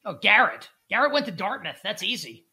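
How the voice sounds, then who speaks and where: Gravelly, husky man joking around. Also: high-pitched, sing-song, brisk, sharp tone. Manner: rambling, heavy use of filler "like", jokey. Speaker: co-host of a sports betting show. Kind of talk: casual studio banter.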